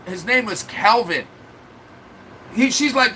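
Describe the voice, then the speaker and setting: Guy on a livestream venting, high tense voice, rambly, faint hiss behind. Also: expressive, unhurried, sharp tone, poor audio. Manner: upset, venting rant to viewers; rambling, restarts and fillers. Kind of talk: casual livestream chat.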